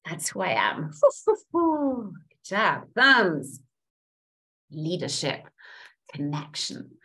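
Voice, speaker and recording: A woman coach leading a group through tapping, speaking repeated affirmations in a slow, chant-like way. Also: medium pitch.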